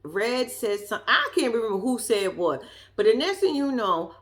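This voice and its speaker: A woman's voice: on the high side, very animated, moderate pace. A woman giving a sassy, profane, casual commentary as she recaps a reality show episode. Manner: blunt, profane, sassy storytelling.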